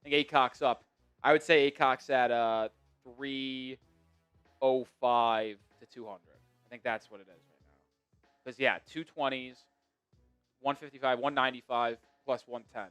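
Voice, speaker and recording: A man with a New York accent hosting a live sports stream, chatting excitably and swinging from mumbles to shouts. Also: mid-range voice, measured pace, pauses often, clear, resonant tone, soft background music. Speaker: sports show host.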